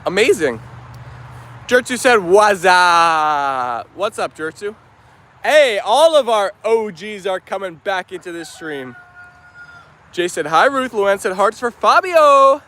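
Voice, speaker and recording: Hosting a relaxed livestream from a yard full of dogs and chickens, a man speaks in a high, slightly bright, animated voice. He takes his time and pauses often while cheerfully chatting, calling out viewers by name and reading their comments aloud.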